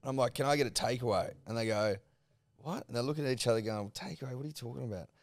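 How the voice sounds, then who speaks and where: Young Aussie bloke co-host, quick talker, dry mic, crude banter. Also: male voice, mid-range voice, no echo. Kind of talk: casual chat.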